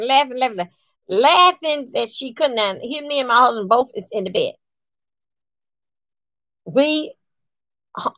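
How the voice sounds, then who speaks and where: A fairly high-voiced woman telling a story from her own life in a loose, colloquial way. She is emphatic and animated, and she acts out the lines of the people in her story. The recording is dry and close. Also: dry recording. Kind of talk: casual spoken storytime.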